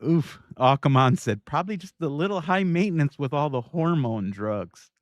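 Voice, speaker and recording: A man's voice: fairly high pitch, animated, normal speed, no room sound, clean studio sound. A man hosting a livestream, reacting to video clips in casual, irreverent commentary and laughing often. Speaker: livestream host.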